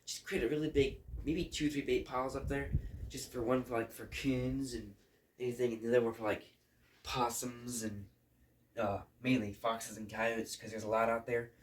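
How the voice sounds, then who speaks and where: A young man with a drawl talks to the camera outdoors at a farm. His voice is still rough from a recent illness. He rambles in a relaxed, folksy way. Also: medium pitch, normal speed. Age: young adult. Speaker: outdoors vlogger. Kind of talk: casual chat to camera.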